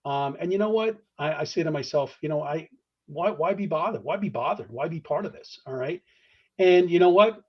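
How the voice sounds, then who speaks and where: A man's voice: fairly high pitch, animated, fairly quick, muffled recording. A man answering as a podcast interview guest in an earnest, conversational way, restarting phrases often, acting out phone calls, and checking in with "all right?". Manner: many restarts, tags points with "all right?". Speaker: guest discussing fraternity membership.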